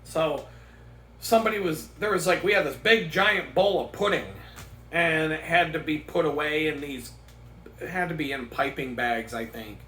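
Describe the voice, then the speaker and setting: Bright-voiced, rambling, profane Gen X man. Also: on the high side, normal speed, slight background noise. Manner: profane, rambling storytelling with bursts of laughter. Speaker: vlogger. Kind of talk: casual rant. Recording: echoey room.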